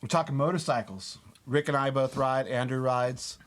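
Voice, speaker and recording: A man's voice: medium pitch, normal speed, over loud music. A man, co-hosting a casual podcast, joking around and swearing a lot. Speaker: podcast co-host. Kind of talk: casual banter.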